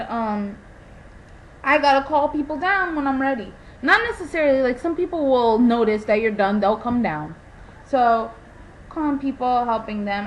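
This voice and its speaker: A young woman venting in a casual vlog, telling animated stories with lots of "like" and an exasperated tone. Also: on the high side, a little hiss or hum, low-quality recording. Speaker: vlogger.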